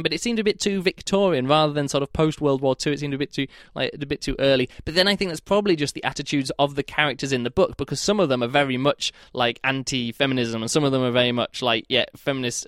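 A man's voice: medium pitch, no room sound, clean studio sound. Rambling man casually reviewing a book. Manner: rambling, hesitant, full of "like" and restarts.

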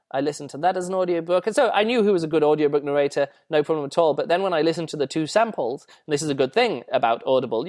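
A man's voice: on the high side, darkish tone. An English man hosting a podcast, reviewing a book in a rambling, chatty way with lots of fillers and restarts. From England. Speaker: podcast host.

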